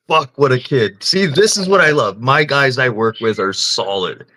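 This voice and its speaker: A man spins crude, lively anecdotes on his livestream, often cracking himself up. His voice has a sharp, bright edge that cuts through his casual chatter. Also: mid-range voice, measured pace, a little hiss or hum. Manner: crude, animated storytelling, laughing often. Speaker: livestream host.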